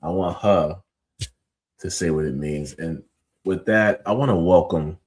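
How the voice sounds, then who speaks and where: Man, podcast host, very low voice, loose slangy storytelling, lots of "like" and "you know". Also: a little slow, a little hiss or hum. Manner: animated, slangy storytelling with frequent fillers. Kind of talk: casual storytelling chat.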